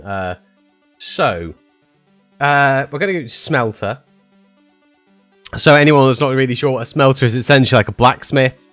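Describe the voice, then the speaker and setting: A man's voice: lowish voice, a bit bright, dry recording. A man chatting casually with his live-stream viewers, rambling with many fillers and restarts.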